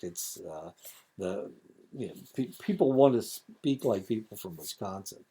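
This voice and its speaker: A man's voice: fairly low pitch, expressive, moderate pace, dark tone, breathy edge. A man in his seventies with an Indiana accent, giving a recorded lecture in a rambling, digressive way with many fillers and asides. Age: 70s.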